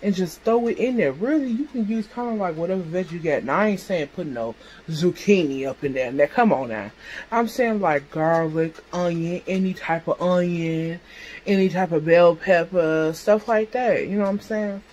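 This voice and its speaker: Cooking in her home kitchen, a woman vlogger chats casually and playfully straight to the camera and her viewers. Her voice is lowish and darkish in tone, at a moderate pace. The sound is lo-fi with a little hiss or hum.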